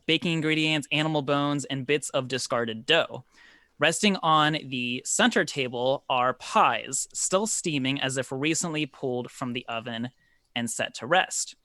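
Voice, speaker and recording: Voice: medium pitch, a bit bright, no room sound, clean studio sound. A game master narrating a tabletop game scene over a video call, with frequent ums and repeated words. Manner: descriptive, with many ums and repeats.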